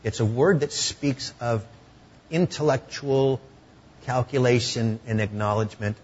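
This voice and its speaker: A man preaching a sermon in a conversational way, sometimes dropping to hushed tones. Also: mid-range voice, fairly even intonation, a little slow, breathy edge, highs cut off. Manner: conversational, drops to hushed tones for emotional moments.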